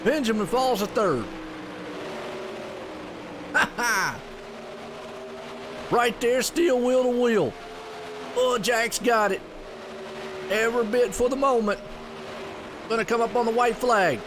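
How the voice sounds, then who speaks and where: A man calling a sim racing event, excitable and folksy, with loud bursts on big moves. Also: extremely high pitch, unhurried, pauses often, noisy background. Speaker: race commentator. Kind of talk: sim racing play-by-play commentary.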